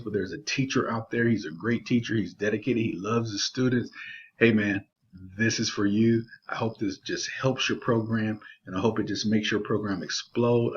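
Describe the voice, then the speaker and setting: Male GED teacher, lower register, enthusiastic and full of "uh"s, dull lo-fi recording. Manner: warm, excited shout-outs with frequent fillers. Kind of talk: enthusiastic video announcement. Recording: dull lo-fi video audio.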